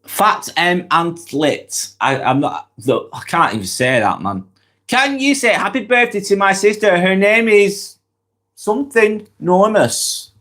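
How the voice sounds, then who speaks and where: A man's voice: high-pitched, sing-song, unhurried, sharp tone. A man with a Lancashire accent and a cold, hosting a casual live vlog and chatting back to viewer comments. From Lancashire, northwest England. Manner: chatty, reads out comments and answers them directly. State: has a cold. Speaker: live-stream vlog host.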